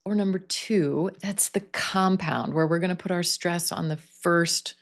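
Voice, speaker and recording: A woman leading an online pronunciation class, modelling words slowly with exaggerated stress. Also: lowish voice. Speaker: pronunciation coach.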